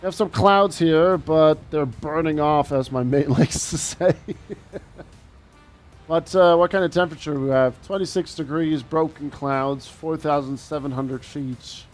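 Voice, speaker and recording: A man's voice: fairly high pitch, measured pace, faint music behind. Chatty male flight sim streamer. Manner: chatty, laughs often, reads comments aloud. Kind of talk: live stream chat reading comments.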